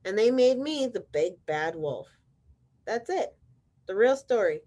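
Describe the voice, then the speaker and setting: A woman's voice: mid-range voice, lively intonation, measured pace, dark tone, pitched above the performer's own voice. Woman reading as a sly, sniffly wolf. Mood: wry. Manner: storybook read-aloud with voiced quotes and wry asides. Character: sneezy male wolf telling his side, sly and self-pitying.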